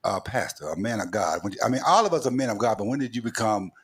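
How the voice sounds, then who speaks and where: A man's voice: fairly low pitch, expressive, fast talker, fairly bright tone. A man with a Southern accent hosting a casual interview, playful and rambling, repeating his phrases as he goes. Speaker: talk show host.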